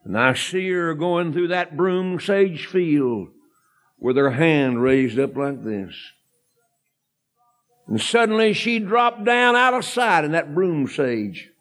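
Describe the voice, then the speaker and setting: Preacher man, folksy and fervent, lively sing-song pitch, unhurried pace. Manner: folksy, fervent, building to shouted emphasis. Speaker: evangelist preacher. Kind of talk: sermon storytelling.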